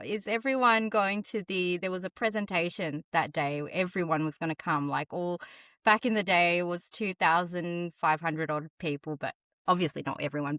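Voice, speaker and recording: A woman's voice: on the low side, fairly bright tone, no echo, clean studio sound. A woman co-hosting a podcast, chatting casually about work and laughing along. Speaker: podcast co-host. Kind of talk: casual chat.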